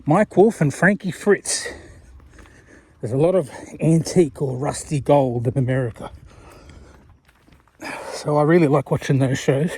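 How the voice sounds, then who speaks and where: A man's voice: fairly high pitch, unhurried, pauses often, a little mellow, husky. A man chatting in a rambling, wandering way while he walks, talking to a channel owner he admires. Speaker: viewer sending a video message. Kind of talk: rambling casual monologue.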